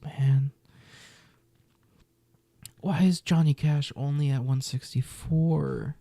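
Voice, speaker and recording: A man's voice: fairly high pitch, steady tone, takes it slowly, gravelly, pauses often, warm tone, dry recording, clean studio sound. A man reacting casually to a music list, muttering exasperated, profane comments with whispered asides.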